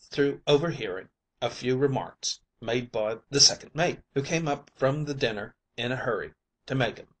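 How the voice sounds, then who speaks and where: A man's voice: mid-range voice, fairly bright tone. A man reading a comic sea yarn as an audiobook, telling it as an old night watchman in a folksy sailor's dialect. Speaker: audiobook narrator.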